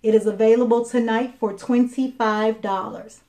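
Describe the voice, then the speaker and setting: A woman's voice: a little high, fairly even intonation, moderate pace, warm tone. A woman from Chicago selling jewelry on a live video, chatting casually with many fillers and restarts. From Chicago, Illinois. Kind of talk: live sales stream.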